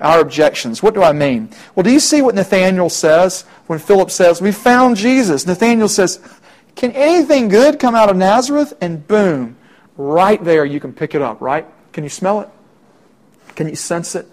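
A young man preaches to a room of students, leaning on rhetorical questions and plain talk. His voice sits a little high for a man. The tone stays conversational rather than formal. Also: animated, moderate pace. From Middle Tennessee. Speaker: campus minister. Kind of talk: sermon.

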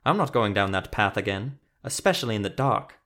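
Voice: mid-range voice, lively intonation, brisk, fairly bright tone, natural voice. A man voicing a blunt, grumpy, road-weary traveler who curses freely. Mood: irritated. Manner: blunt, cursing.

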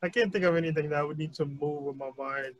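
A man's voice: on the high side, steady tone, fast, highs cut off, a crowd in the background. A man on a podcast panel chatting casually, laid-back and joking, laughing often. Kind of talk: casual chat.

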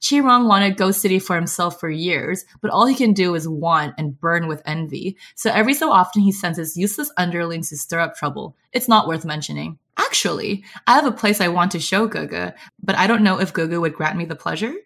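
Brief: woman doing a cool ghost lord, quiet and lower than her own voice, disdainful, devoted to one person. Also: lively intonation, a little fast, few pauses. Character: calm, smug young ghost lord doting on a god. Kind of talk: podcast book recap read-aloud.

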